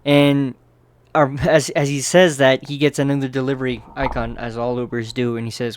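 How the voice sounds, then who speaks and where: A man's voice: mid-range voice, fairly even intonation, normal speed, no room sound. Chatty man recapping a manga. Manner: loose and chatty, keeps checking in with "right?". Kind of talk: casual manga recap narration.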